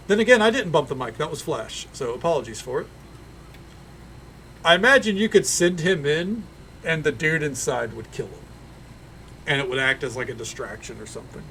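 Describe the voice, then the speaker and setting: A man streaming a role-playing game, chatting in a relaxed, offhand way between reading dialogue. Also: a little high, moderate pace, pauses often, slight background noise, low-quality recording. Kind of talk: casual gameplay commentary.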